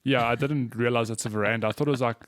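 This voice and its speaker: A man's voice: mid-range voice, fairly even intonation, rapid-fire, dry recording. Dry-sounding man chatting casually. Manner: chatty, swears and laughs often, many restarts. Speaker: podcast co-host. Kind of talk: casual chat.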